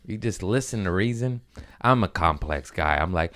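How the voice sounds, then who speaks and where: A man with a low voice at normal speed delivers a casual, rambling solo monologue for his comedy podcast through a studio microphone. Jittery on caffeine and excitable, he swears, laughs frequently, and keeps switching topics.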